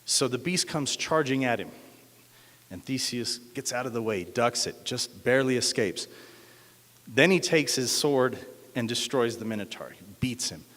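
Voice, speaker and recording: A man's voice: mid-range voice, animated, normal speed, fairly bright tone. A man from Denver telling a myth at a cafe open mic, hesitant with many fillers. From Denver, USA. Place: cafe event room. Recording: echoey hall.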